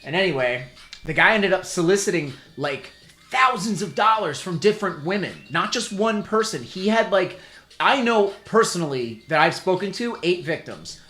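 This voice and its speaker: Rambling man with a lively voice. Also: sits high, moderate pace. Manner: rambling, stammering storyteller. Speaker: livestream host. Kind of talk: casual chat. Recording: roomy echo, faint music.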